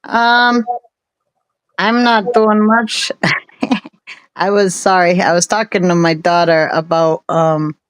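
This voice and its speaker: A woman's voice: fairly low pitch, steady tone, slow, pauses often, clear, resonant tone. Chatty woman in her forties. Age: 40s. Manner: chatty, rambling, laughs often. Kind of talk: casual live stream chat.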